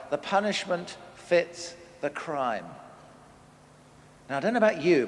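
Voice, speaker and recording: A middle-aged man giving a humorous family talk to a live audience, acting out scolding parents. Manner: animated, acts out scolding parents with big pitch jumps. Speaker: conference speaker. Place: large hall. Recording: long reverb of a big hall.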